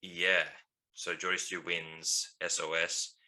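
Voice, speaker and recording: A low-pitched man with a bright, forceful tone, co-hosting a casual podcast. He rambles through a story with frequent ums and laughs, talking like he's among mates. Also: monotone, slow. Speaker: podcast co-host.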